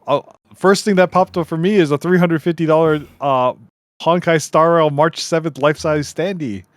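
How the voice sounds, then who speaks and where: A man co-hosting a casual podcast, talking in a relaxed, slangy way. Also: a little high, normal speed, no room sound, clean studio sound. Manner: laid-back, slangy, laughs between lines. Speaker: podcast co-host. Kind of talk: casual chat.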